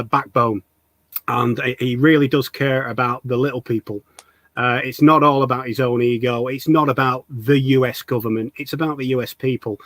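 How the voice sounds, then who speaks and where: A man's voice: medium pitch, dry recording. A man from the UK hosting a casual fan interview, explaining his views in an earnest, thorough way. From United Kingdom. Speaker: host.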